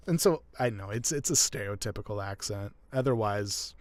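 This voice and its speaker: Male audiobook narrator, casual chat, mid pitch, dry close sound. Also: normal speed, hardly any pauses, dry recording. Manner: relaxed, explanatory, with self-corrections.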